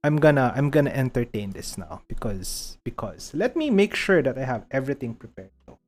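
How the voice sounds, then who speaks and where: Animated Filipino-accented male streamer. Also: mid-range voice, a little fast. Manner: animated and rambling, talks to chat while fumbling with software. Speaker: VTuber streamer. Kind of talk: casual live-stream chat.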